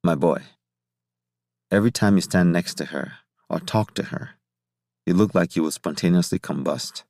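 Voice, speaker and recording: A man's voice: low-pitched, normal speed, no room sound, clean studio sound. A man voicing a jovial older male scientist who teases and coaxes his younger colleague in a playful, fatherly way. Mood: teasing. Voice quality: rich, warm laugh.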